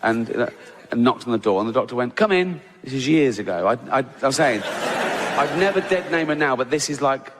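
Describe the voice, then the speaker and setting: A man's voice: mid-range voice, a little fast. A man doing a stand-up routine, laughing through his lines and acting out the characters in his story. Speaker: stand-up comedian. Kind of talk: stand-up routine with acted-out voices.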